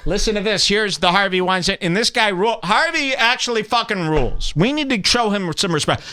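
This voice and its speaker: A man's voice: high voice, animated, normal speed, sharp tone. A man hosting a podcast in casual comedic chat, sarcastic and profane with a mock-tough manner. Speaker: podcast host.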